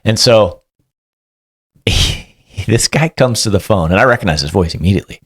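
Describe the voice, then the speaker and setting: A man, a police sergeant, telling a story in a casual and animated way as a podcast guest, acting out what people said. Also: lowish voice, moderate pace, dry recording, studio quality. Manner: animated, acts out quotes.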